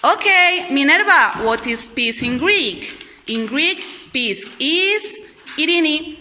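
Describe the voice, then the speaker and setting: A woman teacher leading a class slowly and clearly, praising and prompting the group to repeat after her. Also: high-pitched, animated, pushed and bright. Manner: slow, clear, encouraging. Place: school hall or classroom. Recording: echoey room with faint noise.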